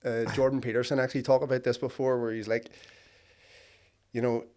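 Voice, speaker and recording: A male podcast host in loose casual chat, spinning an animated story and breaking into laughter as he goes. His voice sits at a medium pitch, and he swears freely. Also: brisk.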